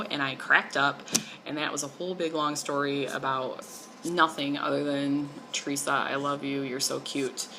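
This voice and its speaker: A woman's voice: low voice, background noise. A young woman chatting casually about her stitching projects in a rambling, enthusiastic way. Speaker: crafting vlogger. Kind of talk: casual chat.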